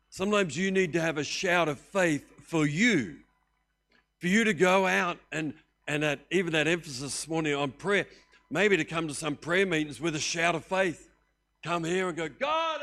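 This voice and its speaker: An older Australian man preaching a sermon as pastor, animated and joking in a conversational way. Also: on the high side.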